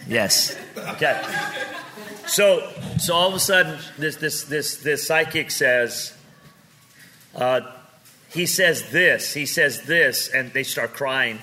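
A man preaching with comic storytelling, animated and joking, swinging from loud to quiet. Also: on the high side, takes it slowly, long pauses.

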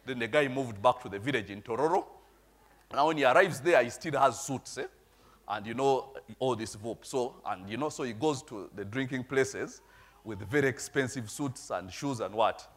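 A man's voice: medium pitch, moderate pace, fairly bright tone. A middle-aged man, preaching a storytelling sermon and checking in with his congregation. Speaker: pastor.

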